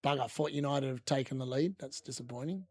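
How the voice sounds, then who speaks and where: A man hosting a casual live football watchalong, excitable and shouting when goals go in. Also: medium pitch, fast talker, dry recording. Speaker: watchalong host. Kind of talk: casual live match commentary.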